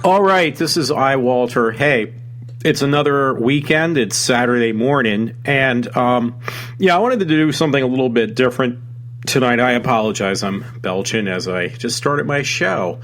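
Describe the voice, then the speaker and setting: A man's voice: mid-range voice, normal speed, fairly bright tone. A man hosting his own talk show, rambling with many ums and restarts. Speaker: show host. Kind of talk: casual solo talk show.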